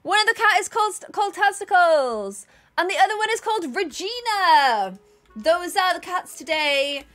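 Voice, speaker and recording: A woman's voice: very high voice, big pitch swings, normal speed, fairly bright tone, faint music behind. A woman streaming a game live, chatting bubbly with dramatic exclamations and thanking viewers. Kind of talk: live gameplay stream chat.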